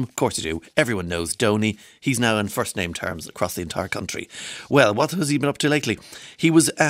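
A man's voice: lowish voice, fairly bright tone, no room sound, clean studio sound. A man presenting the newspapers on the radio, chatty and digressive, with frequent restarts and asides. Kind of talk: casual radio chat.

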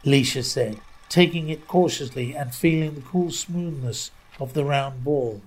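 A woman narrating a children's story aloud in a lively, expressive way. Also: a bass voice, unhurried, slightly rough. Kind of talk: storybook reading.

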